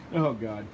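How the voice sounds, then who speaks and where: A man's voice: on the high side, very noisy. A man hosting a car channel, chatting casually in his home garage, joking, laughing and swearing as he works. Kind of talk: casual garage chat to camera.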